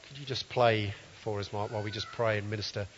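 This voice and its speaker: A man's voice: fairly low pitch, steady tone, fast, a little hiss or hum. A man preaching a sermon, reading scripture aloud and commenting earnestly. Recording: dull, roomy hall sound.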